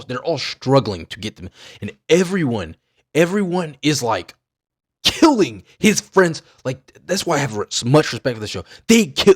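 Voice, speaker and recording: A young man rants casually as a streamer, swearing freely. His pitch swings widely between loud excited bursts and low mumbling trail-offs. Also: slightly rough. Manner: animated, profane, trails off into mumbles. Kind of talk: casual rant about an anime.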